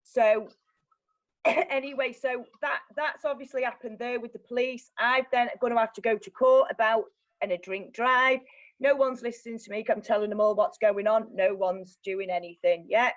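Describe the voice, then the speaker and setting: A woman's voice: a little high, normal speed, dull audio. Blunt, swearing young woman. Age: young adult. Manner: blunt, swears often, animated. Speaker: guest. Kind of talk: candid personal storytelling.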